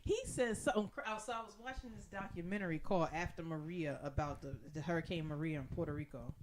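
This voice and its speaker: A woman's voice: lowish voice, quick pace, slight background noise. A woman co-hosting a podcast in casual chat, telling stories with lots of swearing and acting out what other people said. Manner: animated storytelling, acts out voices, swears freely. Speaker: podcast co-host.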